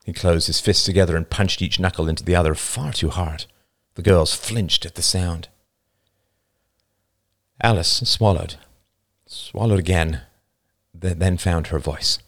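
A man's voice: low-pitched, moderate pace. A man narrating a novel as its author, reading expressively and dramatically.

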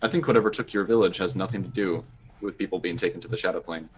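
A man with a very low voice plays a tabletop game. He reasons aloud in a deliberate, measured way, weighing each step. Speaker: player.

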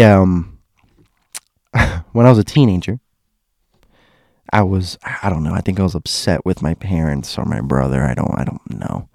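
A man's voice: fairly low pitch, mellow, no echo, clean studio sound. A young man casually telling a personal story, rambling with restarts and asides.

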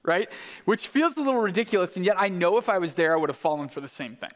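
A man's voice: high-pitched, big pitch swings, quick pace. A man preaching a sermon, telling the story vividly and acting out the quoted voices. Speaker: pastor. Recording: long hall reverb.

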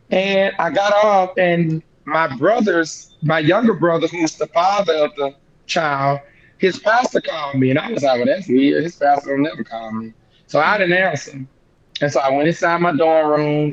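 A young man speaks in a fairly high voice, retelling a hard moment as an interview guest. He talks with feeling and acts out the quoted lines. The sound is dull and lo-fi. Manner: emotional, animated retelling with quoted dialogue. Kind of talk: casual conversational storytelling.

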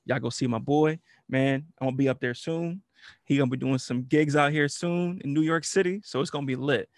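A man's voice: medium pitch, a little fast, dry recording, clean studio sound. A man co-hosting a podcast, bantering loosely in slangy casual chat and laughing along. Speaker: podcast co-host.

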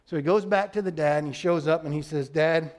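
A man preaching a sermon as pastor, earnest and emphatic, sometimes dropping soft and low for stress. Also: fast talker. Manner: earnest, emphatic, acts out quoted voices.

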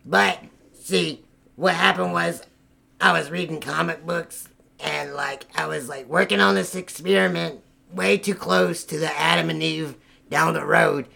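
A man's voice: on the high side, fairly even intonation, a little slow, vocal fry, pushed and bright. A man improvising a crude contestant character, rambling and boastful with constant swearing. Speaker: game show contestant. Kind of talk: crude improvised role-play.

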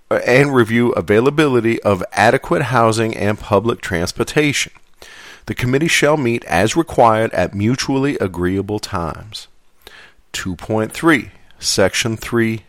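A man putting on a Southern gentleman drawl. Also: lowish voice, no echo, studio quality. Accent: put-on Southern US. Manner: slow, stately recitation of contract clauses. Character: formal adult male Southern gentleman reciting legal text. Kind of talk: reading a contract aloud in a put-on accent.

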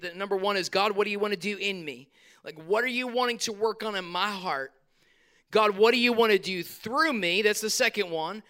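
A male pastor, preaching a sermon in a church hall with animated bursts and quick asides. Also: high voice, clear, resonant tone.

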